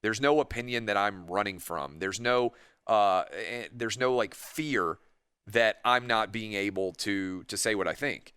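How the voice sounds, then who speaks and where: A man hosting a radio talk show, talking in a rambling, animated way and acting out imagined conversations. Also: on the low side, measured pace, clear, resonant tone, no room sound, clean studio sound. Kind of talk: opinionated radio monologue. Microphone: studio microphone.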